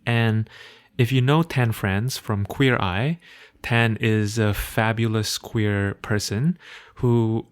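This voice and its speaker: A man with a hard-to-place accent, speaking English as a second language, hosting a solo podcast in a thoughtful, reflective way with soft laughs and phrases that trail off quietly. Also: fairly low pitch. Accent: hard-to-place non-native English. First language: not English. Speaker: podcast host.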